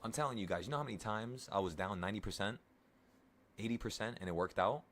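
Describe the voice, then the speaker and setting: A man in his twenties who streams options trading casually walks his viewers through a trade, reassuring them in a rambling, coach-like way. His voice is on the low side, fairly bright in tone, and quick.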